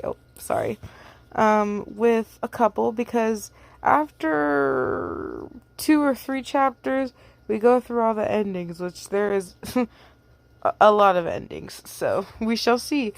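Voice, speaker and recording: A woman's voice: fairly high pitch, unhurried, no echo. A young woman who hosts a channel, reading a fan story aloud and then chatting casually, with fillers and light laughs.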